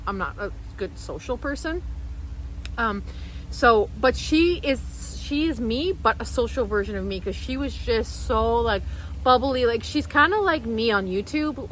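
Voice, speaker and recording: A woman's voice: on the high side, a bit bright, slight background noise, rough recording. A woman vlogger telling a personal story in casual, emotional, rambling speech full of restarts.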